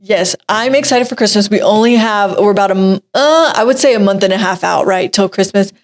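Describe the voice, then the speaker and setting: A bubbly young woman hosting a casual web show segment, chatty and easily amused. She is from Texas and laughs often between her lines. Her pitch sits in an ordinary middle range for a woman. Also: a little fast. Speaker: entertainment segment host.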